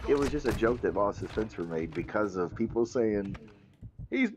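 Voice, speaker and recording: A man's voice: on the low side, lively intonation, brisk, noisy background. A man chatting casually while gaming, rambling through stories and quoting friends. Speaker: streamer.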